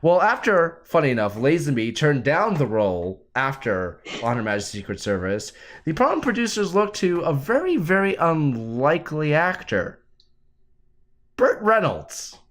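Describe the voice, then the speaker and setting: Male host, casual chat, lively pitch, laughs easily. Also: normal speed. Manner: animated, laughs often. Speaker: podcast host.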